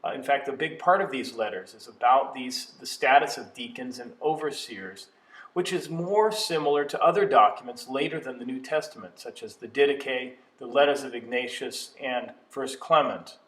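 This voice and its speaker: A man's voice: medium pitch, fairly bright tone. Man lecturing in an echoey room. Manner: measured, explanatory, slows to stress key terms. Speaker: teacher of biblical studies. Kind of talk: educational video lecture. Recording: echoey room, mic at a distance.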